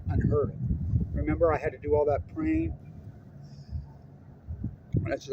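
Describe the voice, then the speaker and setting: Profane, high-pitched middle-aged man ranting. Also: fairly even intonation, normal speed, long pauses, muffled recording, noisy background. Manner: profane, rambling, heated and jumping between topics. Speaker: political ranter. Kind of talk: unscripted angry monologue.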